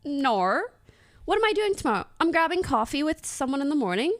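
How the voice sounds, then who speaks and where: Young woman streamer, high and lively voice, giggly casual storytelling to her chat. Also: fairly quick. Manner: giggly, animated storytelling with lots of laughter.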